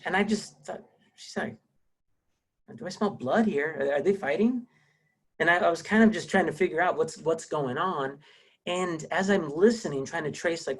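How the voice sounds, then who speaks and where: A man's voice: fairly high pitch, husky. A man giving a conversational teaching sermon, telling personal stories with many fillers and restarts.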